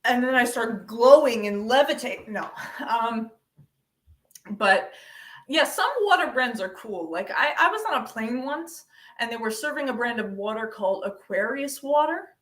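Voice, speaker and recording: A young woman doing a deadpan stand-up set over a video call, with many ums. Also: fairly high pitch, a little slow. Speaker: stand-up comedian. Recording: echoey room, distant from mic.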